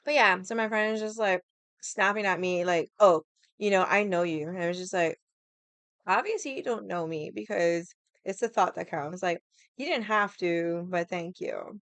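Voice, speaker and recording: A woman's voice: on the low side, moderate pace, a bit bright, dry recording. A young woman hosting a casual livestream, ranting in a sassy, profane, rambling way and greeting viewers. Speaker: livestream host.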